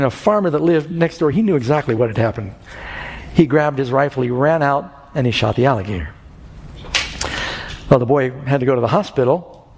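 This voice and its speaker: A man's voice: mid-range voice, a little mellow. Man preaching an evangelistic sermon in a hall. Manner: storytelling, rising to impassioned calls. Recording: long hall reverb with faint music.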